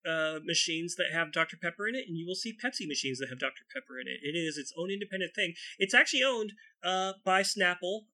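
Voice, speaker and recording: A man's voice: sits high, bright, forceful tone. A man in casual conversation, easygoing and agreeable, talking with restarts. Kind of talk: casual chat.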